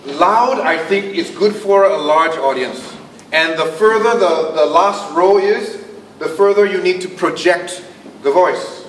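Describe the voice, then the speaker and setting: Teaching a club audience how to give speeches, a man with a high-pitched voice speaks at a measured pace. He projects unamplified and sinks to a near-whisper for emphasis. No microphone was used; the capture is distant and roomy, with faint room noise.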